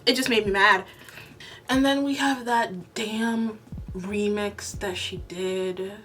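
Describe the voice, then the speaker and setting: Bright, exasperated young woman ranting. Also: mid-range voice, steady tone, slow, faint music behind. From lives in Toronto, Canada. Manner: blunt, exasperated, swears freely. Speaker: YouTube commentator. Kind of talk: casual commentary rant to camera.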